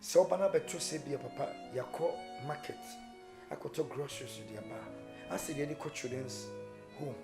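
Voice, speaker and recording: A man's voice: a little high, moderate pace, creaky. An actor with a Ghanaian accent playing a worried married man pressured by his mother, talking earnestly over a music bed. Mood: troubled. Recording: music bed under dialogue.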